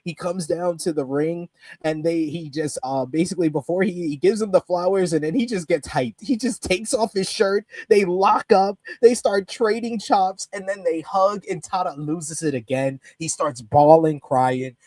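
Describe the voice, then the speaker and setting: Excitable high-voiced man recapping. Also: moderate pace, dry recording. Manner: animated, profane, laughing storyteller. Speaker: wrestling podcast co-host.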